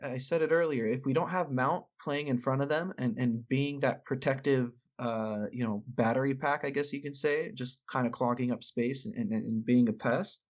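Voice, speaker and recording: A man's voice: medium pitch, steady tone, moderate pace, hardly any pauses, lo-fi sound. A man co-hosting a casual sports talk show, rambling, with many restarts and hedges. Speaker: podcast co-host.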